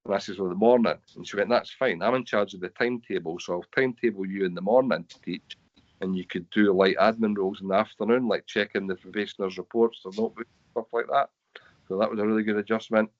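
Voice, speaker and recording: A Scottish man with a fairly low voice tells personal stories in a plain, earnest way, often quoting what people said to him. His voice comes over a dull, lo-fi video call line. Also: fairly even intonation, fast talker. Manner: plain, earnest storytelling with quoted dialogue. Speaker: webinar speaker sharing lived experience. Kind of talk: personal storytelling in an online talk.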